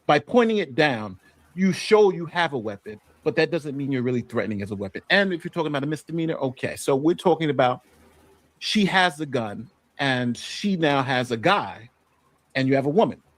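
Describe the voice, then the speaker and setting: A man's voice: medium pitch, big pitch swings, fairly quick, dry recording. A man hosting a casual panel discussion, laying out an argument point by point. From New York. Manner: argumentative, builds a case point by point. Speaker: panel host.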